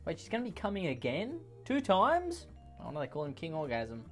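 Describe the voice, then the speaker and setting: A man's voice: a little high, wildly swooping pitch, a little fast, soft background music. A man giving sarcastic reaction commentary, ranting and mocking with exasperation. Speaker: comedy commentator.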